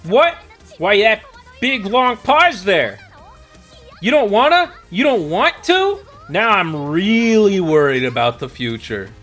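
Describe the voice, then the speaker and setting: A streamer voicing a loud, bossy, excitable teenage girl in a game read-along, with a huffy, exaggerated manner. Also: medium pitch, measured pace, faint music behind, voice pushed up. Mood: whiny.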